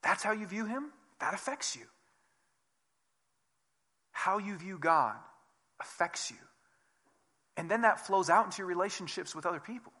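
A male pastor delivering a relaxed, conversational sermon. His voice sits a little high and sounds bright and forward. He acts out the people he quotes, jumping from quiet asides to loud, emphatic lines. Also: moderate pace, pauses often.

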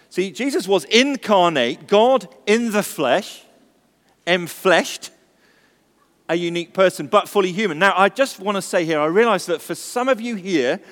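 A man's voice: a little high, fairly bright tone, in a large hall. A male pastor giving a Christmas sermon, chatty and storytelling with touches of humour. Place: church service.

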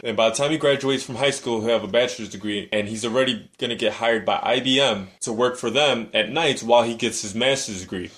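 A man's voice: medium pitch, a bit bright. A man co-hosting a podcast, telling a long story in loose, profane banter. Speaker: podcast co-host. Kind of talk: casual banter.

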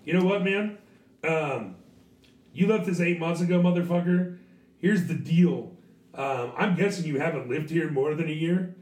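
A hoarse man with a craggy voice hosts a casual podcast chat, swearing freely and telling animated stories. His voice sits a little high. The room is echoey and the mic is some distance away. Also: moderate pace. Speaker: podcast host and teacher.

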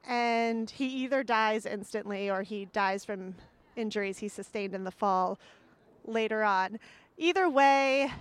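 A woman retelling a fairy tale in an animated, jokey way, with offhand asides. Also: on the high side, clean tone, no echo. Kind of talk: comic storytelling.

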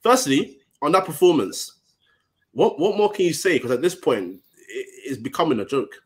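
A man from Ghana hosting a casual podcast, playful and quick to laugh. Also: on the high side, expressive. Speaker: podcast host.

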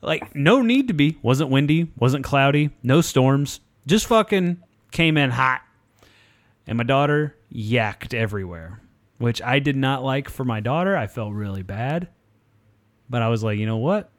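A man in his thirties co-hosting a casual podcast, telling stories in a profane, animated way. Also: mid-range voice, a little slow, dry recording. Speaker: podcast co-host. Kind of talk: casual chat, storytelling.

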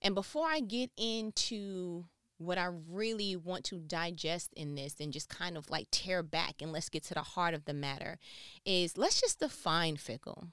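A woman hosting a casual monologue, animated and playful, acting out quotes as she talks. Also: on the low side, moderate pace, clear, resonant tone, dry recording, studio quality. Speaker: host.

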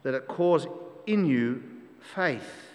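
A man's voice: mid-range voice, expressive, takes it slowly. A man preaching a sermon to a congregation, emphatic, repeating key phrases and asking rhetorical questions. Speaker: pastor. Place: church with long reverb. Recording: long church hall reverb.

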